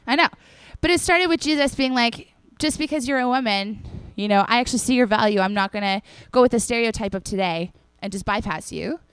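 Talking a little fast with few pauses, a young female preacher speaks in a smooth, high-leaning voice, free of echo. Her casual sermon is chatty and animated, as she performs the people she describes to her congregation.

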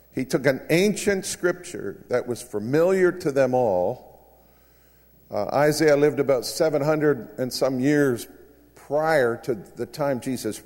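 A man's voice: medium pitch, a little mellow. Male pastor, conversational preaching with asides, mid-range voice, reverberant hall. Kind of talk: sermon.

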